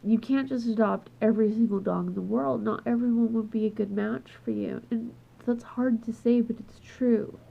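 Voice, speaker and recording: A vlogger with a slightly high voice, fairly even intonation, and some vocal fry talks at a moderate pace with few pauses. She's upset and crying in a personal video made at home with her dog, breaking off and restarting her thoughts. The sound is dull lo-fi home quality.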